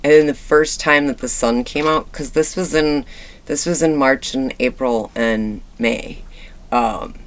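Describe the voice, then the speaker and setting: A woman's voice: rumbling low, fairly even intonation, a little slow. A woman in her thirties talking casually in a personal vlog, chatty and candid, with many fillers and restarts. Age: 30s. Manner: candid and reflective. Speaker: vlogger.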